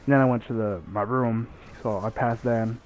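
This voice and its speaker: A man's voice: medium pitch, normal speed, slight background noise, rough recording. Profane young man telling a story. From Mexican family. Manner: profane, animated retelling with acted quotes. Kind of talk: casual storytime monologue.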